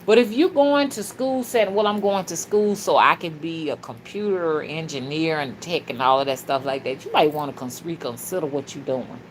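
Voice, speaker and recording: A woman hosting a spiritual livestream, talking fervently and casually to her viewers, with sudden loud shouts. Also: low voice, moderate pace, few pauses, slight background noise. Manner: casual and slangy, calls listeners "y'all" and "honey". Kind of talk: livestream talk reading viewer comments.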